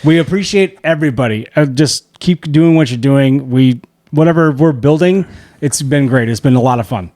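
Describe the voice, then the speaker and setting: A middle-aged man co-hosting a podcast, in loose, profane banter full of quick laughs. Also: mid-range voice, a little mellow, no echo, clean studio sound. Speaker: podcast co-host. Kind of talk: casual chat. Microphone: podcast mic.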